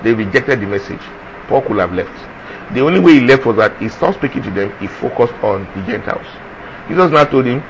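A man's voice: mid-range voice, fairly quick, a little hiss or hum, poor audio. A man preaching a sermon with energy, firing off rhetorical questions and answering them himself. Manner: animated, asks the audience rhetorical questions.

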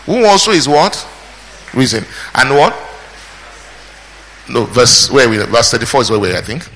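Male preacher, bright tone, teaching verse by verse, quizzing his flock, church-hall reverb. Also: medium pitch, big pitch swings, normal speed, slight background noise. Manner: questioning the congregation, call and response. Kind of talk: sermon, verse-by-verse Bible teaching. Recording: hall reverb, faint ambience.

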